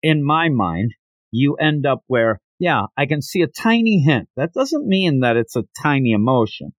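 A man's voice: mid-range voice, very animated, normal speed, no echo. A man hosting a podcast, talking through a manga with enthusiasm and frequent laughs. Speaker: podcast host. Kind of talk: casual manga discussion.

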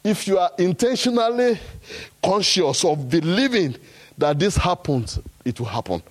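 A man preaching a sermon, rising to loud, high exhortation and quoting scripture. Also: sing-song, unhurried.

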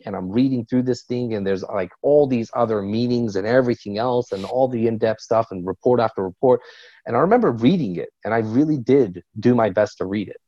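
A man who works as a business coach, talking as a podcast guest in a quick, energetic way and telling stories with a lot of animation. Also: fairly low pitch, dry recording, dull audio. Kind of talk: podcast interview.

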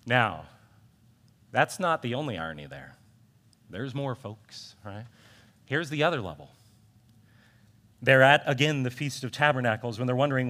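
Bright-voiced animated male preacher. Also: mid-range voice, normal speed, pauses often. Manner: animated, repeats phrases for emphasis; conversational asides to the congregation. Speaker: pastor. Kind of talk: sermon.

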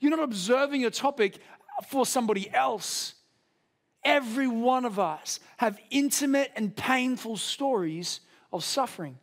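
A young man preaching a sermon. He tells a story with self-deprecating humor, in an animated way. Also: very high-pitched, unhurried.

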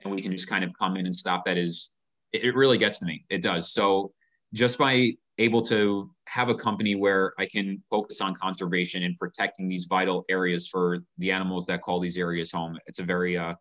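A man's voice: sits low, flat delivery, a little fast, fairly bright tone. A man being interviewed as a company founder, speaking earnestly and passionately in a casual conversation, often repeating a word as he starts a sentence.

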